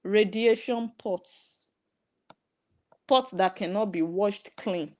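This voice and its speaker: A woman's voice: mid-range voice, slow, dark tone. A woman with a Nigerian English accent, giving sarcastic, scolding commentary. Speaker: online commentator. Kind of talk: ranting commentary.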